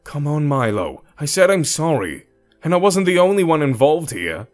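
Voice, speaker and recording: A man's voice: medium pitch, sing-song, moderate pace, faint music behind, pitched above the performer's own voice. A man doing a defensive, restless young boyfriend. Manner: defensive, sharp.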